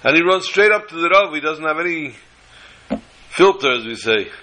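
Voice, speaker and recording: A man recounts a story in the manner of a sermon, with an expressive, dramatic delivery. His voice is very bright and sits somewhat high for a man. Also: moderate pace, poor audio.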